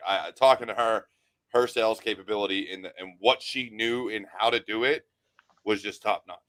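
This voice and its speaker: A man's voice: mid-range voice, pushed and bright, no room sound. Blunt, swearing male podcast host. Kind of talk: casual interview talk.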